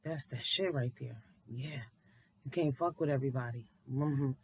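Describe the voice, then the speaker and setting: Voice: mid-range voice, moderate pace, darkish tone, breathy edge, low-quality recording. A vlogger giving blunt, profane, preachy commentary in an early-morning voice, just out of bed. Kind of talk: casual commentary.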